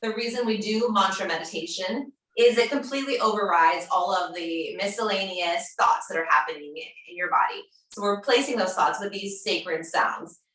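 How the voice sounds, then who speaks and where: A woman guides a yoga class in a calm, encouraging way. Her voice is bright and clear in tone. She stands some way from the mic, and the room adds a strong, roomy echo. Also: mid-range voice, moderate pace, few pauses, distant mic. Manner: calm, encouraging, gently chanting mantra syllables. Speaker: yoga teacher.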